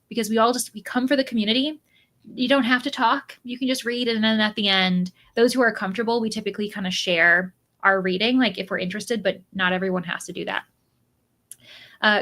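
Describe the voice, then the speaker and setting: A woman's voice: mid-range voice, a bit bright. A young woman hosting a casual reading livestream, reading out viewer comments and chatting in a rambling way, full of fillers and restarts. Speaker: livestream host of a reading sprint.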